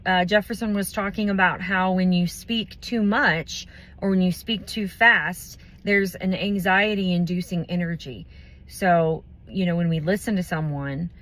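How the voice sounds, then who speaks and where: A woman giving a motivational talk about communication, thoughtful and unhurried, with pauses and fillers. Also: on the low side, fairly bright tone. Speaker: business community speaker.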